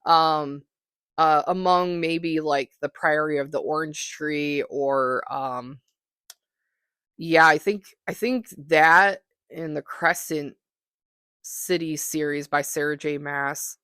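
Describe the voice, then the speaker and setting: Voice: medium pitch, takes it slowly, a bit bright, smooth, dry recording, studio quality. Rambling, chatty podcast host. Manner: rambling, hesitant, lots of ums and likes; enthusiastic, self-deprecating. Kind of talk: casual solo book-talk monologue.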